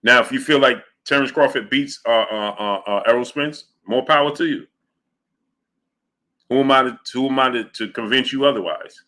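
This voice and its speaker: Male livestream host, bright voice at mid pitch, emphatic and argumentative, reads out chat messages. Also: normal speed. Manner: emphatic, argumentative, repeats his points. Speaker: boxing show host. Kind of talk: livestream commentary reading viewer chat.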